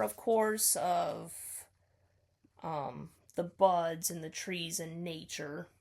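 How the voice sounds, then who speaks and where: Slow, gravelly-voiced woman explaining a poem. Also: on the low side. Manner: tentative, many ums, self-correcting. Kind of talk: casual spoken poetry analysis.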